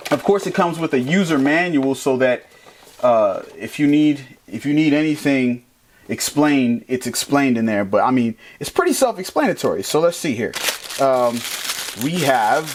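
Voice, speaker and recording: A man casually reviewing and setting up a microphone in a playful, animated, jokey way. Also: medium pitch, normal speed, a little hiss or hum. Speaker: tech reviewer. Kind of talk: casual product review vlog.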